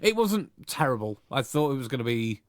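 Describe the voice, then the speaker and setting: A man's voice: mid-range voice, very animated, fairly quick, dry recording, clean studio sound. A man co-hosting a casual podcast chat, rambling and correcting himself as he goes. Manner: rambling, easygoing, self-correcting. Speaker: podcast co-host.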